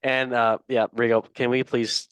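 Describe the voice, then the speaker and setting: A man's voice: medium pitch, flat delivery, moderate pace, dull audio, background noise. A man hosting a football quiz on a casual podcast, playful and jokey, swearing and laughing often. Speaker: quiz host.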